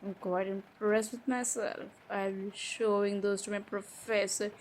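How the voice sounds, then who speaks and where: A woman's voice: medium pitch, level tone, unhurried, slight background noise, low-quality recording. Chatty young woman in an audio roleplay.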